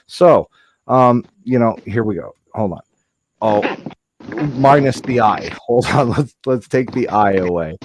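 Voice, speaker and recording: A man's voice: medium pitch, a little slow, slight background noise. A man hosting a stream, telling a funny story in a casual way and swearing often. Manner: animated, swears a lot, acts out quotes. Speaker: livestream host.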